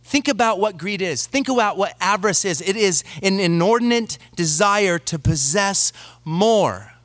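A man in his thirties preaching a sermon, moving from slow scripture reading into a relaxed story about his young daughter. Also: sits high, dry recording. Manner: reads scripture slowly, then tells a family story conversationally. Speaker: pastor.

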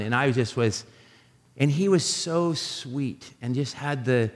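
Male pastor, sermon, animated storytelling, restarts, mid-pitched voice, long hall reverb. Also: moderate pace.

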